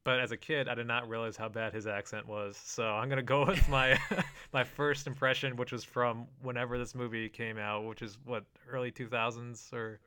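A man's voice: mid-range voice, flat delivery, normal speed, sharp tone, smooth. Easygoing man laughing through a podcast chat. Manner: easygoing, laughs often, many "you know" fillers. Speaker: podcast co-host. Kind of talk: casual chat.

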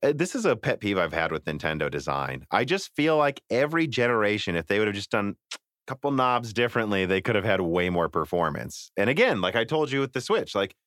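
Lively, low-voiced man in casual talk. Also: fairly quick, no echo, studio quality. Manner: animated, rambling, self-interrupting. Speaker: podcast host. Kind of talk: casual tech chat.

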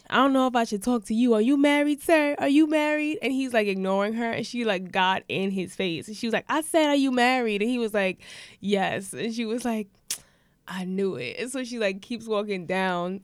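A young woman co-hosting a casual podcast, telling an animated story and acting out the people in it. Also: mid-range voice, normal speed, clear, resonant tone, no echo, clean studio sound. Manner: animated, imitates people in her stories, swears casually. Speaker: podcast co-host.

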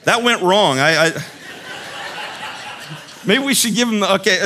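A man giving a casual sermon as a youth speaker, telling animated stories with jokey asides. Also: sits high, measured pace, long pauses. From West Virginia.

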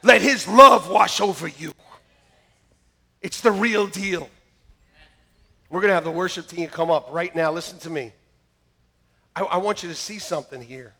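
A man preaching a sermon to his church, joking and lively, then turning quietly earnest. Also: high voice, normal speed, vocal fry, long pauses. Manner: jokey and animated, swinging between loud punchlines and quiet earnest asides. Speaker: pastor. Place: church sanctuary with a congregation. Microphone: church sound system, live-streamed.

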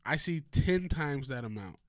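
A man's voice: mid-range voice, animated, moderate pace, no room sound. Blunt, teasing man on a dry mic. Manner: blunt, teasing, swears freely. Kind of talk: casual podcast chat.

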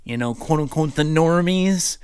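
Opinionated man, smooth clear voice. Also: fairly high pitch, normal speed, darkish tone, no room sound, studio quality. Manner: opinionated, rambling with restarts. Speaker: podcast co-host. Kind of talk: casual chat.

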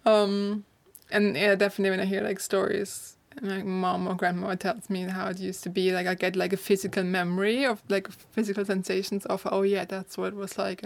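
Speaking in a gravelly, medium-pitched voice, a young German woman appears as an interview guest; she writes books and teaches courses. She's chatty and casual, laughing frequently and sprinkling in lots of "like."

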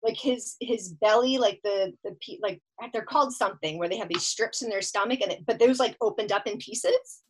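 A woman's voice: medium pitch, brisk, few pauses, a little hiss or hum, low-quality recording. A woman telling a long story as a podcast guest, laughing often as she talks. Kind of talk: casual storytelling.

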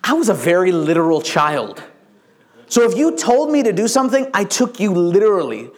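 This pastor, an adult man with young children, has a high voice and sounds very animated at a moderate pace. His sermon is full of playful jokes and frequent stammered restarts.

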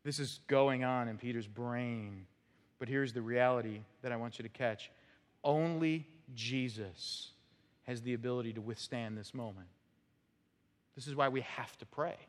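A male pastor preaching an expository sermon, emphatic, with rhetorical "right?" checks and sudden drops to a quiet voice. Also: mid-range voice, a little slow. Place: church sanctuary. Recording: reverberant hall sound.

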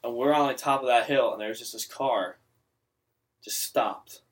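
A man's voice: mid-range voice, fairly even intonation, moderate pace, recorded from a distance. A young man in casual podcast chat, telling a rambling story full of filler words.

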